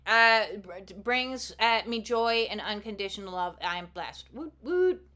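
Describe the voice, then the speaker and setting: Chatty, playful woman with a high voice. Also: lively intonation, unhurried, bright, forceful tone. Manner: rambling, playful, chatty with viewers; swears casually. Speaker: oracle card reader hosting a live stream. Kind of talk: casual livestream chat.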